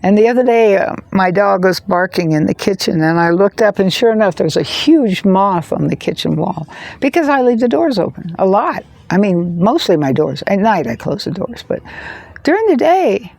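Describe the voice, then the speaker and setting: A woman in her seventies, a farmer, telling stories to the camera in a gushing way that drifts into soft whispers. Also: mid-range voice, sing-song, normal speed, creaky, dry recording. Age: 70s. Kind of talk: casual storytelling to camera.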